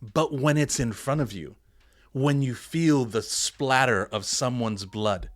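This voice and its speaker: An earnest man, a pastor and veteran, speaks as a podcast guest. His middle-pitched voice leans hard into key words as he tells a hard story. The sound is dry and close. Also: slow pace, dry recording. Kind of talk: candid podcast interview.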